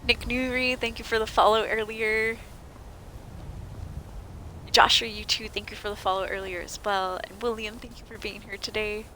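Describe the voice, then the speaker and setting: Bright, excitable woman game streamer. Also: medium pitch, normal speed, slight background noise. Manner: chatty, excitable, shouts at game characters. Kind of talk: live gameplay commentary.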